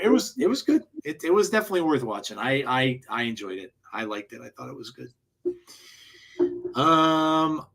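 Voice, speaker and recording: Podcast co-host, man, mid-pitch, chatty storyteller who restarts sentences a lot. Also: fairly bright tone, husky. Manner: rambling storyteller, frequent restarts and laughs. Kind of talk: casual chat.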